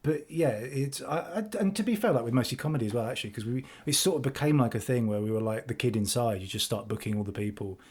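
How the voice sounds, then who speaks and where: A man co-hosting a podcast over a video call, chatting in a relaxed, rambling way with many fillers. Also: mid-range voice, fast, hardly any pauses, husky. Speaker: podcast co-host. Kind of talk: casual chat.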